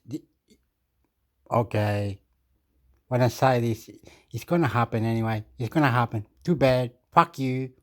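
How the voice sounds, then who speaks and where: A man ranting off the cuff as a video commentator, excitable and profane, repeating himself and often clearing his throat. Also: medium pitch. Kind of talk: rambling off-the-cuff rant.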